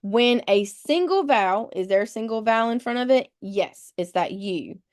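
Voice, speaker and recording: A woman's voice: on the high side, animated, normal speed, darkish tone. A woman leading a test-prep webinar, patiently explaining rules step by step and spelling words out letter by letter. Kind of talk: live webinar teaching.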